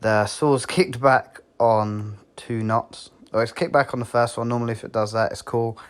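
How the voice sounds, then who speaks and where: A man's voice: medium pitch, fairly even intonation, moderate pace, clear, resonant tone. A man, a tradesman, telling an injury story in a matter-of-fact, blunt way. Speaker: tradesman guest. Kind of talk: casual anecdote.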